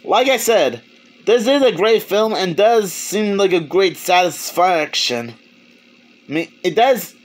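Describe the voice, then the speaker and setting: A man with a notably high voice talks through a movie review in a casual, unscripted way. He stumbles, restarts phrases and chuckles as he goes. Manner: rambling, halting, many restarts, chuckles.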